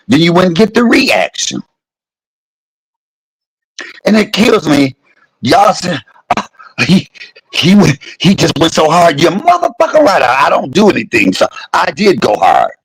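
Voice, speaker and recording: Speaking to his audience, a gravelly-voiced man in his fifties rants heatedly and profanely, hammering his points through repetition. His husky voice runs on the high side. The audio is poor, with no room sound.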